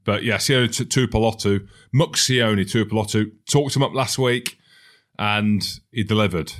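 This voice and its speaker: A man's voice: fairly low pitch, unhurried. A man hosting a sports podcast, enthusiastic and teasing in casual banter. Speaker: podcast host.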